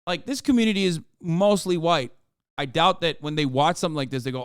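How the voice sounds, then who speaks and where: A man's voice: fairly high pitch, brisk, clear, resonant tone, no room sound, studio quality. A man in his thirties streaming, reacting to clips with profane, exasperated commentary.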